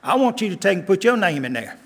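An older man preaching a sermon as a guest preacher, earnest, repeating lines and slowing down for emphasis. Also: high-pitched, big pitch swings, fairly bright tone, breathy edge. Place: church sanctuary. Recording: long church reverb.

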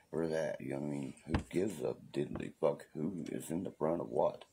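A man's voice: rumbling low, fairly quick, vocal fry, dark tone, a little hiss or hum. A man hosting a casual livestream rant, profane, defiant and preachy, who keeps asking "you know what I mean". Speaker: livestream host.

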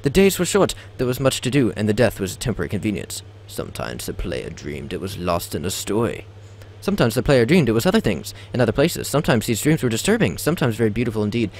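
Young male let's-play host, lowish gravelly voice, dramatic reader who breaks in with jokes. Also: very animated, fast talker, darkish tone, slight background noise. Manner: theatrical reading with stumbles and joking asides. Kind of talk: dramatic reading over gameplay.

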